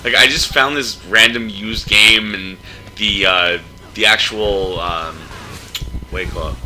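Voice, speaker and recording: Excitable gamer guy, bright lower voice. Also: unhurried, soft background music, rough recording. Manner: excitable, reacts loudly to the game; filler-heavy, restarts often. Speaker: gaming YouTuber playing through a game. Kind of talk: casual gameplay commentary chat.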